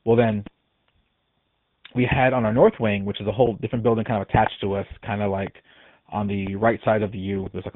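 A lowish-voiced man from Texas rings in to tell a ghost story, meandering with frequent fillers and restarts. The recording is dry, coming through a tinny phone line.

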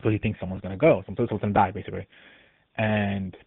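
A man from Texas calls in to tell a ghost story in a casual, rambling way, heavy on fillers and restarts. His lowish, steady voice is quick, with vocal fry and a breathy edge, heard over a tinny, dry phone line with no echo.

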